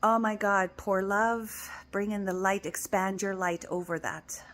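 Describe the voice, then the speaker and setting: A woman giving a casual motivational talk as a spiritual coach, soft and affectionate, repeating encouraging phrases and often dropping to a whisper. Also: medium pitch, little pitch movement, measured pace. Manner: repetitive, encouraging.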